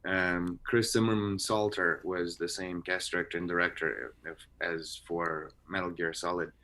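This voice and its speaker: A man's voice: low-pitched, flat delivery, moderate pace, sharp tone. A man chatting as an actor guest on a video-call interview, rambling with many restarts. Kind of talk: casual interview chat.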